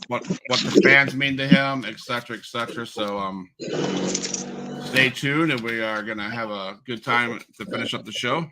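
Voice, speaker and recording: Laid-back interview host, noisy line. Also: male voice, medium pitch, normal speed. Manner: laid-back, casual, swears, short backchannels. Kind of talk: casual interview.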